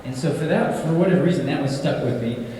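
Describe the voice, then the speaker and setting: A fast-talking voice actor with a voice on the high side fields fan questions before an audience in a large convention hall. He tells lively, self-deprecating stories and laughs often, in a casual Q&A. The recording is distant from the mic, echoey, and picks up crowd noise.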